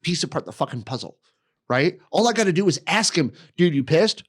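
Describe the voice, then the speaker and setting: Male podcast co-host, a bit higher voice, swears constantly, blunt and emphatic. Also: very animated, brisk, a bit bright, husky. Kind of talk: casual chat.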